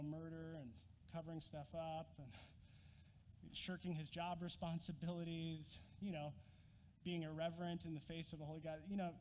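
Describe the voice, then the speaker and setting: A man preaching a sermon, an animated storyteller who acts out scenes with a prop. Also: high-pitched, in a large hall, slight background noise. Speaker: pastor.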